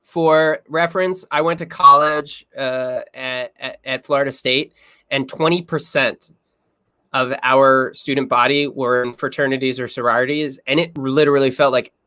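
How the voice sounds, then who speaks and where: A young man hosting a history podcast in casual, excitable chat, talking quickly and often laughing. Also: mid-range voice, clear, resonant tone. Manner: quick, excitable, breaks into laughs and loud yells. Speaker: podcast host.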